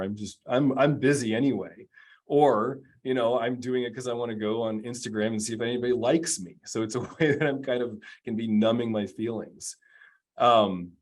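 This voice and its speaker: A man, an executive coach, giving a casual webinar presentation in a chatty, self-deprecating way with lots of fillers. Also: fairly low pitch.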